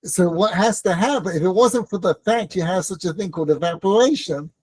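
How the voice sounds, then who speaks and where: A man's voice: sits high, a little fast, darkish tone, breathy edge, no room sound. A man teaching a Torah class in a conversational, joking way, often asking his listeners questions. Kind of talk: informal Torah lesson with banter.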